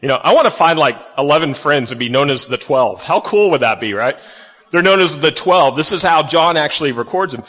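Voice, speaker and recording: Man, pastor preaching, fairly high voice, long hall echo. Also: expressive, fairly quick, a bit bright. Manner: conversational, asks the audience questions. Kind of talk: sermon.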